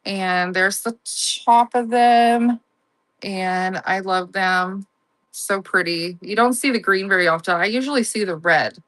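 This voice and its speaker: Chatty woman host for a live online sale, bright and gushing, telling rambling stories between lots. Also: lowish voice, steady tone, normal speed. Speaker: live online auction seller. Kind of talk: casual live-selling chat.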